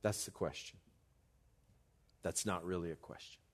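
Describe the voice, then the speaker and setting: A man preaching a sermon as pastor, slow and deliberate, building to loud urgency in a church. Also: low voice, breathy edge.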